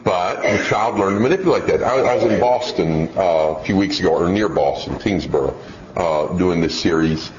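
A man teaching on child training in a sermon style, animated and acting out nagging parents. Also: low-pitched, normal speed, over a noisy crowd. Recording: echoey, dull lo-fi recording with faint hiss.

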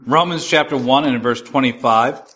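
A man giving a sermon. He reads scripture slowly and stresses its key words. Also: medium pitch, fairly bright tone, dull audio. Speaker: preacher.

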